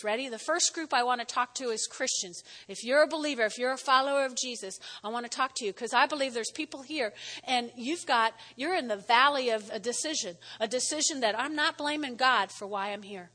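High-voiced woman preaching a sermon. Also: brisk. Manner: lively, conversational preaching with scripture reading. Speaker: pastor. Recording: long hall reverb.

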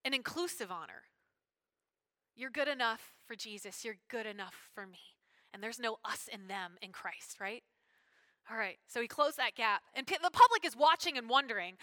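A woman preaching a sermon in an animated, conversational way with casual slang. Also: a little high, moderate pace, no room sound.

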